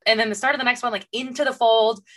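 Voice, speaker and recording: A woman's voice: fairly high pitch, fairly even intonation, fast talker, a bit bright. A woman co-hosting a podcast, gushing and emotional as she recaps a show in casual chat. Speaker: podcast co-host.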